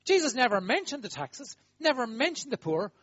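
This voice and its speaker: A man preaches in a lively, husky voice that rides up high and drops low. He talks emphatically, swinging from loud exclaiming to quiet asides. The recording is dull, lo-fi and dry. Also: moderate pace, no echo. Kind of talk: sermon.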